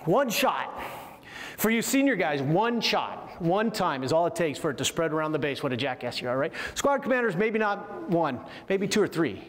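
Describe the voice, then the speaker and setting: A man teaching a leadership communication course to military officers, lively and full of rhetorical questions. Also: a little high, normal speed. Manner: lively, asks the audience frequent rhetorical questions. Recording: echoey hall with long reverb.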